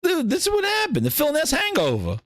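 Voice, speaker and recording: A man's voice: very high voice, wildly swooping pitch, a little fast, a bit bright, no echo, clean studio sound. A man hosting a gaming podcast, ranting and ad-libbing with plenty of profanity. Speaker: host. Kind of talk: comedic gaming podcast rant.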